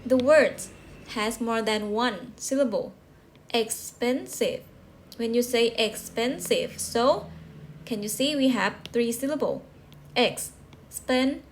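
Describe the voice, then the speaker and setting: Slow, patient woman teaching English. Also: on the high side, slight background noise. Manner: patient, repeats and checks with rhetorical questions. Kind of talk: slow classroom explanation.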